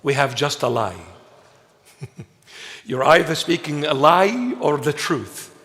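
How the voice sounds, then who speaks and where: A bishop delivers his sermon in a raised, emphatic voice, pausing for playful asides. He speaks at a deliberate, unhurried pace. His voice rings out with a long reverb through a large church hall. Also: fairly high pitch, expressive, a bit bright.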